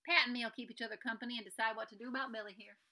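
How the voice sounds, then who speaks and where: Brief: woman reading as brash, determined frontier woman, western drawl, bright. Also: on the high side, steady tone, rapid-fire, heavily acted.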